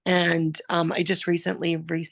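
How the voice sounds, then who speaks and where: A woman caller asking for a reading, speaking in a hesitant, halting way with a gravelly voice. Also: fairly low pitch, completely flat delivery, no echo, studio quality. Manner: hesitant, halting, restarts sentences. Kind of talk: casual chat on a video call.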